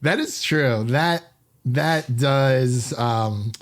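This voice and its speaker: A man's voice: mid-range voice, drawn-out words. A man hosting a film podcast in a casual, upbeat and chatty manner. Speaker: podcast host.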